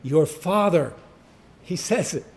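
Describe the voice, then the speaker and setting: Male preacher, high voice, slow and deliberate, emphatic with sudden loud cries. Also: lively intonation. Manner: emphatic, repeats key phrases, rises to sudden loud cries. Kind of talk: sermon.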